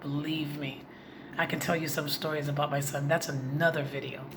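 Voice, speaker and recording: A woman's voice: low voice, level tone, moderate pace. A woman vlogger telling a personal story in a heartfelt, confiding way, speaking directly to her viewers. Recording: noisy background.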